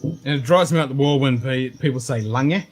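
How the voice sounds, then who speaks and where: An Australian man hosting a whisky livestream, talking fast with slurred, sweary banter. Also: medium pitch, faint music behind, low-quality recording. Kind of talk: casual livestream chat.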